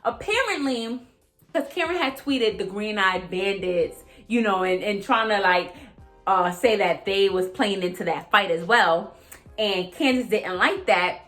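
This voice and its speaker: A young woman vlogger in a casual, animated rant, swearing freely and jumping between topics, often mimicking other people. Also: medium pitch, unhurried, faint music behind. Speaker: vlogger recapping reality TV. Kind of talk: casual chat.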